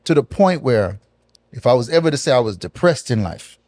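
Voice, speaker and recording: A man's voice: mid-range voice, no echo. Man with speech. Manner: animated, patois-laced, drawn-out pauses. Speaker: guest. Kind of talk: casual storytelling interview.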